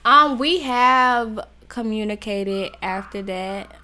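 A woman's voice: fairly high pitch, takes it slowly, pushed and bright. A young woman as a podcast guest, talking frankly and laughing as she talks. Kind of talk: casual chat.

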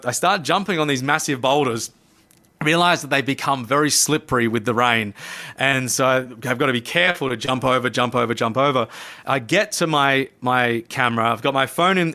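A man, a podcast guest, telling a personal story in animated conversation and acting out his own past lines. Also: mid-range voice. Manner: lively narrator who acts out his own past lines. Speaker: podcast guest, coach and speaker.

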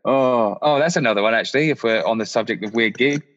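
A man's voice: medium pitch, quick pace. A man in his thirties, a guest musician telling a story in casual chat with a lot of laughing. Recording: muffled, echoey room.

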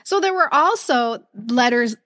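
A middle-aged woman co-hosting a podcast in casual chat, animated and laughing often as she reads old letters aloud. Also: sits high, unhurried, no echo, clean studio sound. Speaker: podcast co-host.

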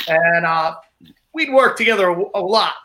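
A middle-aged man, a comedian guest, telling an anecdote in casual chat at a quick clip. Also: high-pitched, lively intonation, pushed and bright, slight background noise.

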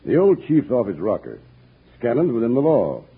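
An actor playing a smug, easygoing frontier land agent with a low, slow folksy drawl. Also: male voice, wildly swooping pitch, slightly rough, exaggerated voice. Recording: tinny, distant old radio recording.

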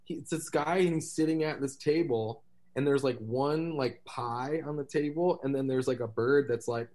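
A man's voice: mid-range voice, normal speed, darkish tone. A man with an ordinary mid-range voice chats as a podcast guest. He tells his stories in a loose, scattered way and laughs often. He breaks in with small sound imitations as he goes. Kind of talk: casual podcast chat.

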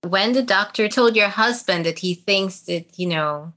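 A woman hosting an interview podcast who responds warmly and asks follow-up questions. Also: mid-range voice, measured pace. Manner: supportive, affirming listener. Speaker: podcast host. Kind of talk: conversational interview.

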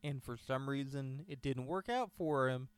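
A man in casual chat, rambling and animated as he talks wrestling with a friend. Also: medium pitch, normal speed, clear, resonant tone, dry recording.

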